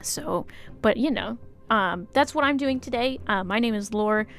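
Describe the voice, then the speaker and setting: A young woman streaming a video game, chatting casually with her viewers, swearing at the game and greeting people loudly. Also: a little high, unhurried, soft background music. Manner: chatty, swears, loud excited greetings to chat.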